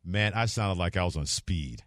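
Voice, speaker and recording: A man's voice: low-pitched, normal speed, fairly bright tone, no echo, studio quality. A middle-aged man hosting a sports radio talk show, telling stories animatedly and laughing easily. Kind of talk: casual radio chat. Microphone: studio microphone.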